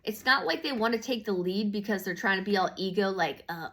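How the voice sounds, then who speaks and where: A woman's voice: mid-range voice, normal speed, hardly any pauses, a bit bright. A woman giving a casual tarot reading, slangy and profane, rambling with lots of fillers and restarts. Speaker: tarot reader.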